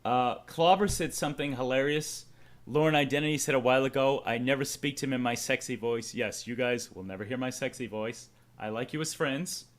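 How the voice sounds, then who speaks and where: A man's voice: mid-range voice, brisk. A young man with a Boston accent, hosting a livestream and rambling to his chat, swearing freely as he goes. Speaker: streamer host.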